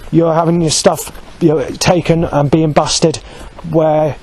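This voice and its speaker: Man, agitated vlog rant, heavy profanity, restless self-correcting delivery, a bit higher pitched. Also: a little mellow, a little hiss or hum, low-quality recording. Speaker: vlogger. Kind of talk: angry spoken account.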